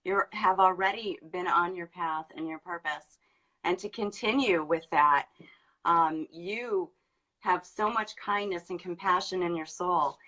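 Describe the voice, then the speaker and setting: Bright-toned, low-pitched woman medium. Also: rough recording. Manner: hesitant, pausing with ums, gentle. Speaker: psychic medium. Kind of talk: live online channeling session.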